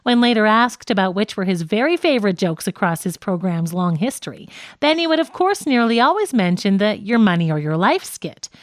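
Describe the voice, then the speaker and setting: A woman narrating a nonfiction audiobook in a clear, measured reading. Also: mid-range voice, expressive, no echo, studio quality.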